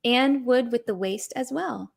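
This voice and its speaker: A woman's voice: on the high side, unhurried, creaky. A woman with a New England accent, hosting a casual talk show and gushing enthusiastically over pet photos. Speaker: host. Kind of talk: casual chat on a livestream.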